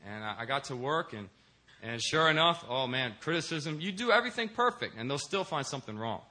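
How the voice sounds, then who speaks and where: A man's voice: medium pitch, sing-song, a little fast, sharp tone. A young man, a deacon, preaching a sermon in a church and telling stories with acted-out voices. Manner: storytelling, acts out quoted voices. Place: church in Korea.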